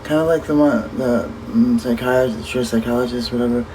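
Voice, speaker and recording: A man's voice: mid-range voice, fairly even intonation, fairly quick, darkish tone, a little hiss or hum, low-quality recording. A man chatting casually on a livestream, talking straight to his viewers and swearing freely.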